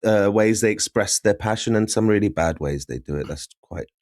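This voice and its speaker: A young man from Syria co-hosting a podcast, chatting casually and telling animated stories with laughs. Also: fairly low pitch, moderate pace, dry recording, clean studio sound. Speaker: podcast co-host. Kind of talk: casual chat.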